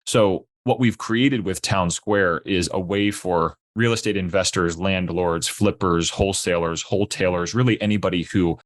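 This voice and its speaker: A young man as a podcast guest, explaining his startup in a steady pitching manner. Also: moderate pace, hardly any pauses. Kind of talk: podcast interview.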